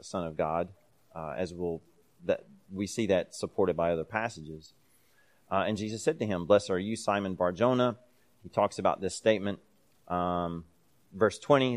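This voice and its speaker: A low-voiced man teaches a Bible class in a relaxed, conversational way. He reads scripture passages aloud with added emphasis and fills his explanations with casual pauses.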